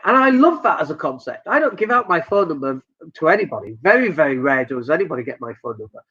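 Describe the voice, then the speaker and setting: Blunt, animated Northern English man. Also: a little high, fast, hardly any pauses, husky, muffled recording. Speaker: business coach. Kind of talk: live-streamed advice talk.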